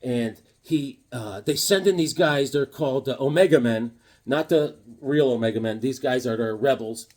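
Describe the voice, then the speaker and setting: A man's voice: medium pitch, normal speed, darkish tone. A man in his fifties talking casually about comic books, rambling and joking with lots of filler words. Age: 50s. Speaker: comic book vlogger. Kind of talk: casual comic review vlog.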